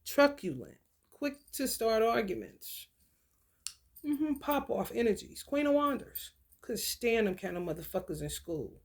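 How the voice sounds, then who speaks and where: A woman talks through a spiritual reading in a casual vlog. Her voice has a gravelly, fry-laden edge and sits at a middle pitch. She is blunt and profane, and her reading is animated with loud outbursts. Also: unhurried. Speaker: spiritual content creator.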